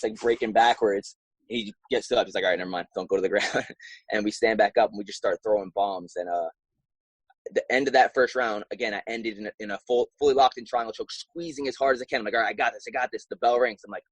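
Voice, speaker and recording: A young man and professional fighter telling his story in a casual interview, animated and acting out his own past reactions. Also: fairly low pitch, breathy edge, no room sound, poor audio.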